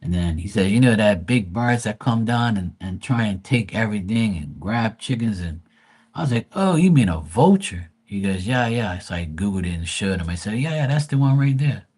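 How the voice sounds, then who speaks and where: A man's voice: lowish voice, normal speed, few pauses, husky. A middle-aged man hosting a livestream, telling rambling family stories in casual chat, swearing freely and acting out quotes. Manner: profane, rambling, animated quoting of family. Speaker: livestream host.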